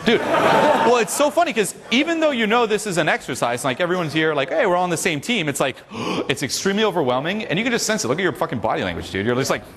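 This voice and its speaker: A man leading a seminar, coaching a live audience in a loud, profane, energetic way. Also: high voice, fast talker, hardly any pauses. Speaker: seminar leader. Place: large hall with a live audience. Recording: echoey hall with crowd noise.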